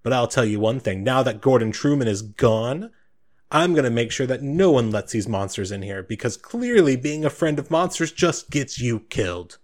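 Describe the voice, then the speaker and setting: A man's voice: medium pitch, animated, normal speed, natural voice. A man voicing a bitter former town guard ranting indignantly at outsiders. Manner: indignant, accusing rant. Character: bitter older male ex-guard, hostile to outsiders.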